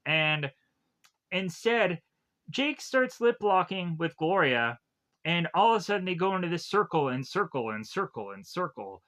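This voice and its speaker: Bright-voiced man rambling through a plot recap. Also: high-pitched, very animated. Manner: rambling, filler-heavy retelling with quick acted quotes. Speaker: film reviewer.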